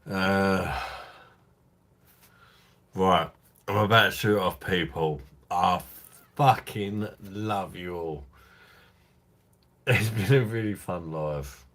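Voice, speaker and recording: Tipsy man, low and slow. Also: fairly bright tone. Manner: crude, rambling and affectionate toward viewers. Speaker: live stream host. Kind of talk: drunken casual live-stream chat.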